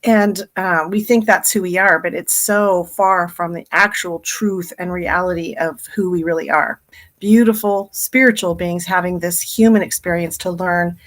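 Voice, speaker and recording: A woman's voice: on the low side, fairly even intonation, moderate pace. A middle-aged woman, a hypnotherapist and business coach, giving a chatty, upbeat live training talk and laughing easily.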